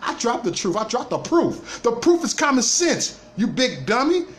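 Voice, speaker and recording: A livestream host with an extremely high, sing-song voice rants emphatically and repetitively to viewers at normal speed. He keeps stumbling into stammered restarts, over a slight hiss or hum.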